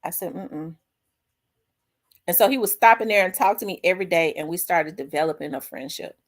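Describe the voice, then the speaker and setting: A middle-aged woman, hosting her own show and candidly telling a personal story, acting out the dialogue with big swings in her voice. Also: brisk. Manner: animated, acts out quoted dialogue with big pitch jumps. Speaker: host.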